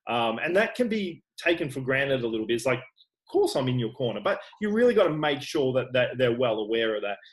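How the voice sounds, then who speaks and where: A man's voice: mid-range voice, sing-song, brisk, hardly any pauses, low-quality recording. An Australian man, a personal trainer, talking frankly and earnestly in a casual interview, often restarting his sentences. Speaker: online personal trainer, guest.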